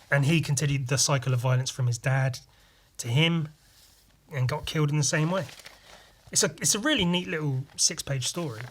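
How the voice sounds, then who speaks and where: A man's voice: mid-range voice, a bit bright, a little hiss or hum. Rambling young man chatting casually. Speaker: podcast host. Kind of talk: casual chat about his own artwork.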